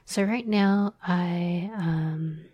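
Lady whispering slow and breathy, lots of ums, kinda low voice, dead dry close sound. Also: fairly even intonation, dry recording, lo-fi sound. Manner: hesitant, many ums, self-deprecating. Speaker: podcast host and script writer. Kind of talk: whispered chat.

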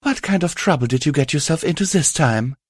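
A man's voice: a little high, expressive, a little fast, husky, no room sound, studio quality, voice pushed up. A man doing a curious, questioning mare.

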